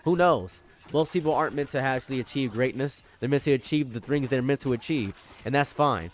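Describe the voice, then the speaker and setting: A young man rambles through casual stream banter, playful and jokey. He likes to repeat a line several times for comic effect. His voice sits at an ordinary middle pitch. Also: fairly quick, slight background noise.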